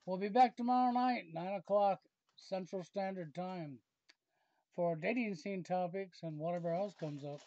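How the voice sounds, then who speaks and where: A man hosting a casual call-in radio chat, brisk as he runs the show's timing. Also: sits high, mellow, dry recording, lo-fi sound. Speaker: host.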